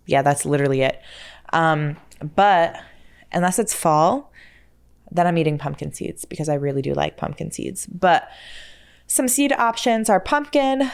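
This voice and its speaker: A woman's voice: on the low side, vocal fry. A woman hosting a casual solo podcast, chatty and self-deprecating, who stumbles over words and laughs at herself. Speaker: podcast host.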